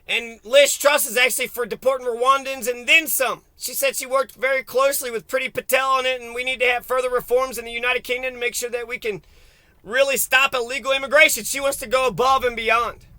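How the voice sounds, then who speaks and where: Man, very high voice, sharp tone, dry close sound, profane mocking rant. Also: fairly even intonation, fairly quick, dry recording. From United States. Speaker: political commentator. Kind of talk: opinionated solo political rant.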